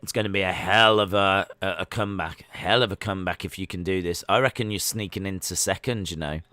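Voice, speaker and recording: A man hosting a live sports watch-along, chatting excitedly with many fillers as he reacts. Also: sits low, fairly quick, dry recording. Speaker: livestream host.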